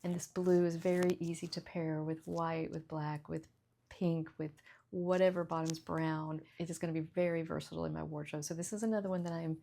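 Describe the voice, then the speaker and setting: A middle-aged woman in a casual haul vlog, gushing and giggling as she shows off clothes, sometimes dropping into soft whispers over small details. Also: sits low, level tone, brisk, creaky. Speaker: fashion vlogger.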